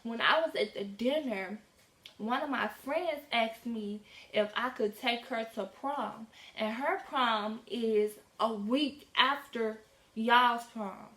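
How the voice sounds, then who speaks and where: A woman's voice: on the high side, slow, fairly bright tone. A teenage girl voicing her boyfriend as an awkward teenage boy who explains himself hesitantly. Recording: echoey room.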